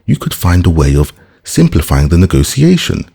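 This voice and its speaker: Deep voiced guy doing a worried polite young gent, audiobook, dark mellow tone. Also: sing-song, normal speed, gravelly, husky, full character voice. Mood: urgent. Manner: polite, urgent. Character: anxious young gentleman, polite and earnest.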